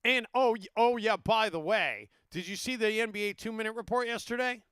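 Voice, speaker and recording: A man's voice: sits high, brisk, a bit bright, clear, resonant tone, no echo, studio quality. A man hosting a sports talk radio show in casual chat, rambling and restarting his sentences. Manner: rambling, self-interrupting, many restarts.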